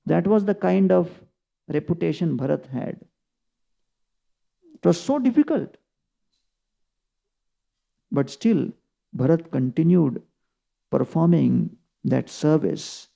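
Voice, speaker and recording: A man's voice: on the high side, expressive, takes it slowly, gravelly, long pauses, warm tone. A man giving a scripture class as a sermon, telling the story earnestly with emphatic rises. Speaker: preacher.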